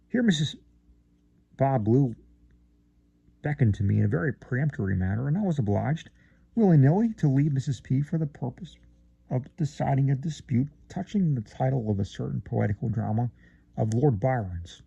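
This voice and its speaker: A man's voice: medium pitch, expressive, normal speed, creaky, warm tone, husky, no echo, highs cut off. A man reading a classic short story aloud in a theatrical way, with rising emphasis and occasional stumbles. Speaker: reader.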